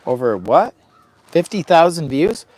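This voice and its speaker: A man's voice: a little high, very animated, unhurried, darkish tone, slight background noise. Rambling man chatting in a hot tent. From Michigan. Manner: rambling, talks to his dog in a doting baby voice. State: hot and sweating. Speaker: outdoor vlogger and live streamer. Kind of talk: casual live-stream chat. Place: inside a heated tent in the rain.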